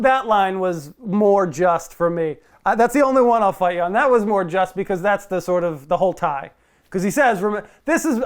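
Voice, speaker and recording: Halting, argumentative man co-hosting. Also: high voice, clean tone. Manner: argumentative, halting, repeats words. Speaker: co-host of a movie review show. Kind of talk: casual podcast debate.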